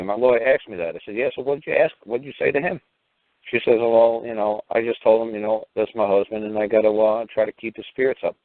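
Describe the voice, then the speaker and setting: A man's voice: sits low, no echo. A man talking in a rambling phone-in monologue, full of "you know" and restarts. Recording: tinny dry phone line.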